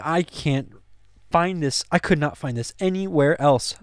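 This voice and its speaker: A man's voice: on the high side, moderate pace, no room sound, studio quality. Chatty man leading a Bible study. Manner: conversational, full of fillers and restarts, grows excited. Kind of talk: casual Bible study talk.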